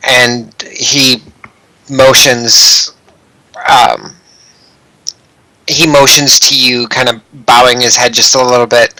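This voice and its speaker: A male game master narrates a fantasy tabletop game at an unhurried pace. His voice is crisp and bright, with a dry, close sound. He hesitates often and fills the gaps with small pauses. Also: medium pitch, flat delivery, no room sound, poor audio. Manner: hesitant, many ums and restarts.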